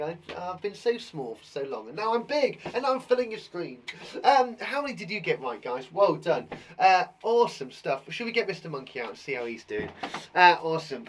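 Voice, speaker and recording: A man hosting a live quiz show for children, full of enthusiasm and little jokes. His voice sits high for a man and swings up and down in a very animated way. He chats freely with his young viewers. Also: slight background noise. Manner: enthusiastic, jokey, chatty. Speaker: teacher and host of a children's show.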